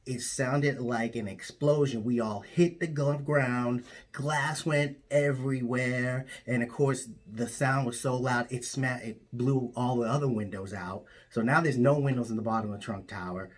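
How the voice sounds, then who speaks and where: A man's voice: medium pitch, moderate pace. A man telling an absurd made-up story in a straight, matter-of-fact comic way. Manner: absurd tall tale told matter-of-factly.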